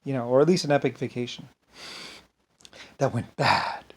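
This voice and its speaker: Man of ordinary pitch, solo unscripted monologue; grandiose, wandering, circles back on himself. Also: normal speed, slightly rough. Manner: grandiose, meandering, repeats himself. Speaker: solo speaker.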